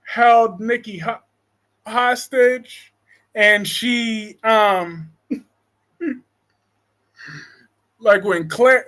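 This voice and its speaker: Man, high voice, unhurried, excitable live-stream soap talk host. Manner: excitable, swings from calm to loud anger; reads viewer comments aloud and jokes with chat. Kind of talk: casual live-stream chat.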